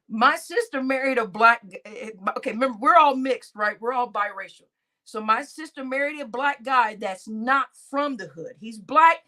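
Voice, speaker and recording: High, lively woman vlogger. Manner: animated, slangy storytelling with frequent laughter. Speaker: vlogger reacting to news. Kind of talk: casual commentary.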